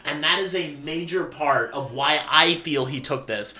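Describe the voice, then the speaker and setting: Guy doing a history explainer video, bright sharp voice, chatty, tosses in jokes. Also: on the high side, measured pace. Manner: animated, joking asides. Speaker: video essay host.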